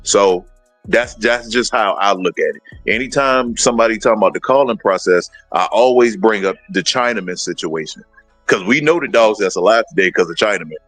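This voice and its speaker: A man talking in a casual livestream conversation as a guest breeder, animated and telling stories, acting out what other people say. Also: fairly low pitch, fairly quick, soft background music, poor audio.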